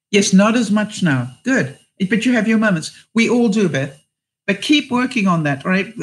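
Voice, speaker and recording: A woman's voice: medium pitch, moderate pace. Middle-aged woman, live-stream vlogger, chatty, advice-giving, reads viewer comments. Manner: chatty, addresses viewers by name, gives life advice. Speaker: vlogger answering live chat.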